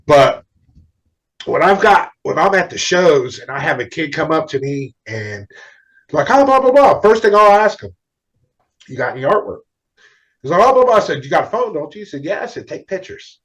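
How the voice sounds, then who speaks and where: A man's voice: a little high, moderate pace, pauses often. A middle-aged man, a comic book artist, telling stories in a casual interview and acting out what others said. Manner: animated, acts out other people's lines.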